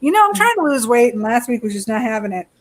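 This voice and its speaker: Chatty woman with a higher voice. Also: big pitch swings, quick pace. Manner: chatty, laughs often, swears freely. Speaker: beauty channel co-host. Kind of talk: casual chat product review.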